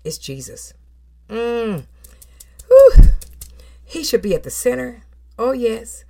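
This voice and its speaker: A middle-aged woman preaching a sermon, emphatic and animated, moving through numbered points with scripture quotes and affirming hums. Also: a little high, slow, gravelly. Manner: affirming hums and soft laughs between phrases.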